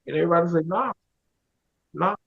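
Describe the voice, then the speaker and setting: A man with a high, gravelly voice tells his life story briskly in a loose, animated way, acting out friends and teachers. His speech is casual and full of slang, and the recording sounds dull and lo-fi.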